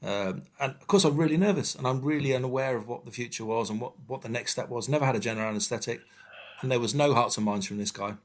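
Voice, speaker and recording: A man in his fifties, a firefighter guest speaking frankly and haltingly with many fillers in an interview. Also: mid-range voice. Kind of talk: candid personal interview.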